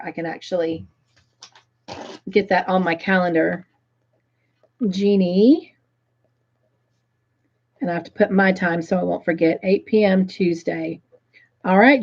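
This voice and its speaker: A woman hosting a crochet live stream, reading viewer comments aloud and gushing with excitement. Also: on the low side, dull audio.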